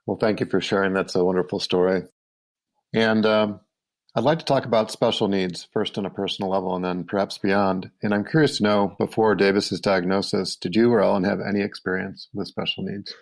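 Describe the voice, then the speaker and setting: A man's voice: sits low, fairly even intonation, a little fast, creaky. A man hosting a podcast, asking polite, curious interview questions. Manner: polite, inquisitive. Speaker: podcast host.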